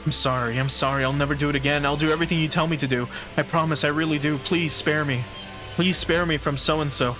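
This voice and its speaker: A terrified little girl begs for mercy with frantic, repeated apologies, as a man voicing her raises his pitch. Her voice sits high above his usual range and pushes louder. Loud game music plays behind her. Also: steady tone, fast, lightly acted. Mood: panicked pleading.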